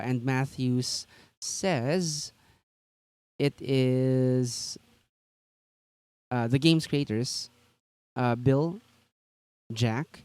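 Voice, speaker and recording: A man's voice: mid-range voice, darkish tone, clear, resonant tone, no room sound. A man co-hosting a tabletop gaming news stream, chatting casually and rambling with lots of fillers and restarts.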